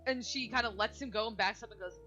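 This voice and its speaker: A woman playing a tabletop role-playing game, narrating her character's actions and speaking for her in sharp, intense outbursts that are full of swearing. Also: fairly high pitch, fast, highs cut off, faint music behind.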